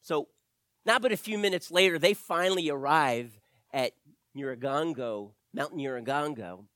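A man telling a story to children, with animated delivery and asides to his listeners. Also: on the high side, normal speed, no echo.

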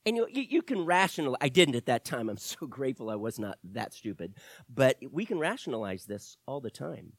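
Animated pastor with loud outbursts. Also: male voice, medium pitch, brisk, dry recording. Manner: animated, swings between loud emphasis and quiet asides; self-deprecating humor with the congregation. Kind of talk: sermon. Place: church.

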